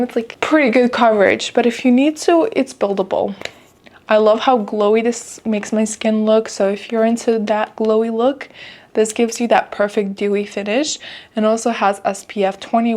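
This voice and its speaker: A woman's voice: fairly high pitch, a little mellow. Chatty young woman vlogger. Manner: chatty, heartfelt, many "like" fillers. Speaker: beauty vlogger. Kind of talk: casual makeup tutorial chat.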